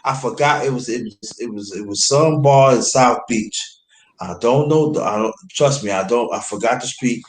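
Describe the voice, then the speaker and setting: A man's voice: mid-range voice, moderate pace. A man from New York telling a loose, profane story in casual chat and slipping into quoted voices. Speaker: host. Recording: roomy echo.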